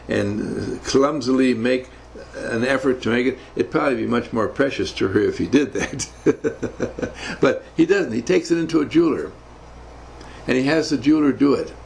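Gravelly older man telling stories. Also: medium pitch, normal speed, a little mellow, slight background noise, low-quality recording. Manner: emphatic, repetitive, rambling. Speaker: speaker recounting navy service. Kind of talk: motivational storytelling talk.

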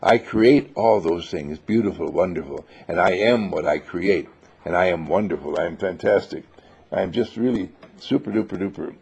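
A man's voice: low voice, normal speed, vocal fry, a little mellow, breathy edge. A man giving an enthusiastic, repetitive inspirational lecture to a seminar, on a dull lo-fi recording. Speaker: seminar teacher.

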